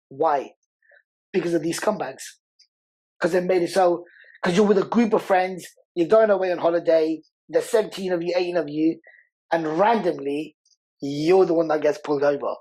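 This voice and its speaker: A man's voice: a little high, normal speed, a little mellow, poor audio. Passionate man repeating himself. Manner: passionate, repeats words for emphasis. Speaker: podcast guest. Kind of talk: emotional interview conversation.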